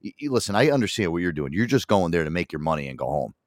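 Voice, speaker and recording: Deep-voiced profane man. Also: racing, dry recording, clean studio sound. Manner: profane, animated storytelling. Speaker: podcast host. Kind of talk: casual chat.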